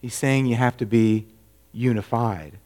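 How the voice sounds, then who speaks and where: Male pastor giving a sermon, earnest, asks the room lots of questions, goes quiet then punches it up, mid-pitched voice. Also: fairly even intonation, a little slow. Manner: earnest, rhetorical questions, swings from hushed to emphatic.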